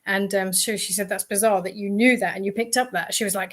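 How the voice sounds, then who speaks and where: A woman's voice: mid-range voice, fairly even intonation, quick pace, fairly bright tone. A woman, a guest medium on a podcast, telling a story in a chatty way, with many ums and restarts. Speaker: guest medium and paranormal investigator. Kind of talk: casual podcast interview.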